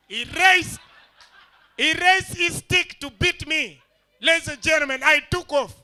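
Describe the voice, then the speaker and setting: Bright high-voiced comedian. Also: male voice, a little slow. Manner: animated, acts out voices in the story. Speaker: stand-up comedian. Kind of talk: stand-up storytelling. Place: live comedy stage.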